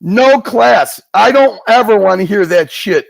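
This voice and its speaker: A man's voice: high-pitched, animated, a little slow, vocal fry, no echo. A man chatting on a live stream, teasing and swearing freely, laughing often. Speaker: guest co-host on a live stream. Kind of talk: casual live-stream banter.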